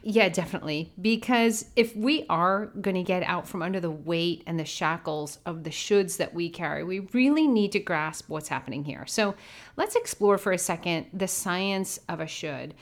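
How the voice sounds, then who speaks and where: A middle-aged woman co-hosting a podcast, telling a story in a casual, animated way and often laughing. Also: lowish voice, normal speed. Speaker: podcast co-host.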